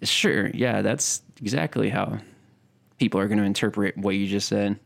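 A man's voice: fairly low pitch, normal speed, vocal fry. A man co-hosting a podcast, joking and swearing in loose, mock-sincere banter. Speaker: podcast co-host. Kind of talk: casual banter.

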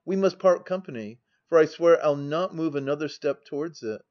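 A man reading the part of a despairing young gentleman who swears off drink, speaking in a solemn, agitated manner. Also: fairly high pitch, animated, moderate pace, muffled recording, close to an everyday voice.

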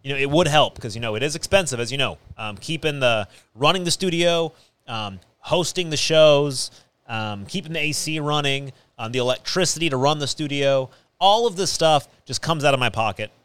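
A man's voice: on the high side, animated, normal speed, a bit bright, smooth. A man hosting a podcast in a small studio, chatting casually and rambling with many fillers and restarts. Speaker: podcast host. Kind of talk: casual chat.

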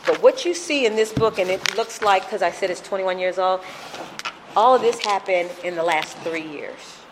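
A woman's voice: mid-range voice, moderate pace, noisy background. A middle-aged woman telling her recovery story at a meeting, emotional and repetitive in her storytelling.

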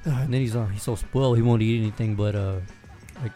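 A man's voice: lowish voice, steady tone, quick pace, warm tone, faint music behind. Laid-back young man, swearing a lot. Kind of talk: casual chat.

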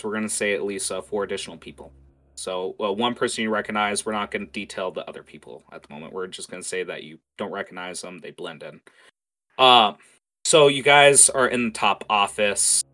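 Casual young guy narrating a tabletop game, kinda low, bright tone. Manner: casual, many fillers and restarts. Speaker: game master.

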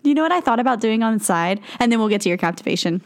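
Southern woman co-host, young adult, giggly storyteller, animated pitch. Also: rapid-fire, gravelly, a little hiss or hum. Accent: Southern American. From American South. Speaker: podcast co-host. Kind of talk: casual chat.

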